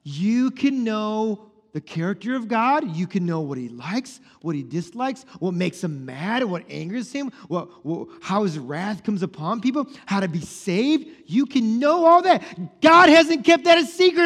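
A man preaching a sermon, animated and playful, explaining words and acting out little scenes. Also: extremely high pitch, big-room sound. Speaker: pastor.

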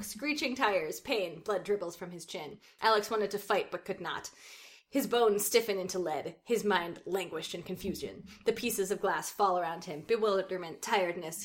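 A woman with a bright, crisp tone reads a story aloud. She keeps a casual pace and breaks off now and then to poke fun at the writing. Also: medium pitch. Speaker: co-host reading a story aloud. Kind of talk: reading aloud with casual commentary.

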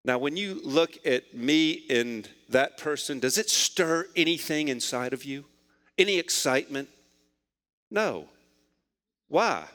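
A bright-voiced male pastor in his forties delivers a sermon, dropping to low, quiet lines and then climbing to near-shouts. His voice sits a little high. It rings out with the long reverb of a church sanctuary. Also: animated, slow pace.

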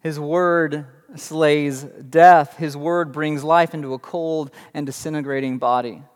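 A man's voice: fairly high pitch, steady tone, slow pace. A young adult man preaching a sermon, telling the story dramatically with emphatic rhetorical questions. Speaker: pastor. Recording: long reverb in a large hall.

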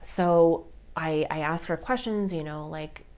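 A woman hosting a podcast, telling a personal story in a casual, chatty way, soft and tender, with lots of "like" and "you know". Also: low voice, slow pace. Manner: soft and tender when talking about grief. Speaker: podcast host.

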